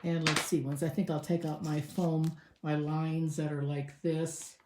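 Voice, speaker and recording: A woman's voice: low-pitched, level tone, a little slow, a little mellow, echoey room, slight background noise. A woman showing a craft step by step in a casual tutorial, chatting and thinking aloud as she works. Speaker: crafting demonstrator.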